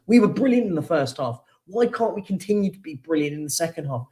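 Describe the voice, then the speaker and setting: A man's voice: high-pitched, brisk, hardly any pauses, dark tone. Frustrated young man ranting about football. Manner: frustrated, venting, repetitive emphasis. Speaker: football fan channel host. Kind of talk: live post-match reaction rant.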